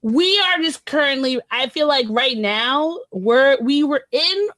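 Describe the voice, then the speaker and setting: A woman's voice: high voice, expressive, unhurried, a bit bright, dry recording. A woman co-hosting a podcast, speaking earnestly and emphatically, repeating words for weight. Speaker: podcast co-host. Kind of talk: casual podcast discussion.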